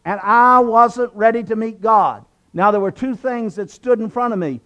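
A man from southwestern Virginia, appearing as a guest, gives his conversion testimony in an earnest, preacherly manner and repeats phrases for emphasis. His voice is high-pitched, pushed and bright, at a moderate pace.

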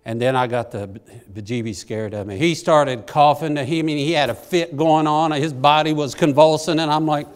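A man's voice: on the high side, normal speed, few pauses, clean tone. Folksy preacher man telling a story. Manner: folksy, self-deprecating, rises to excited bursts. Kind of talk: sermon storytelling.

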